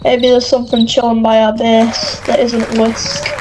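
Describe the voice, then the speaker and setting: A woman's voice: fairly high pitch, monotone, unhurried, background noise. A woman co-hosting a gameplay video, teasing and trash-talking her friend with playful laughs. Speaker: gaming video co-host. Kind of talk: casual gameplay chat.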